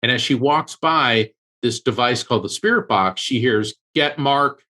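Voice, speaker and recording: A man's voice: medium pitch, animated, moderate pace, pushed and bright. A man working as a medium and author, a guest telling a personal story in an interview with earnest emotion. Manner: earnest, emotional storyteller who acts out quoted voices.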